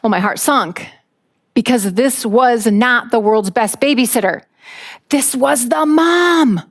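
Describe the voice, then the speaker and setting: Lively woman telling a story. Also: a little high, slow pace. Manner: lively storyteller, acts out voices. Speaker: speaker. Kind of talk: storytelling talk.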